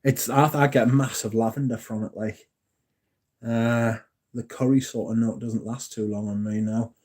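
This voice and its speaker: A man's voice: mid-range voice, steady tone, normal speed, darkish tone. An English man hosting a casual livestream, rambling and correcting himself, swearing and joking as he answers chat. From England. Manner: rambling, self-correcting, jokey and profane. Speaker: livestream host.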